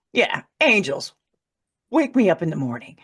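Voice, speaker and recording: A woman's voice: mid-range voice, big pitch swings, unhurried, fairly bright tone, breathy edge. A woman who is an author and podcast guest, candidly telling a personal story and swearing freely. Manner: candid, swears freely, laughs through hard moments. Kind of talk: emotional personal storytelling in conversation.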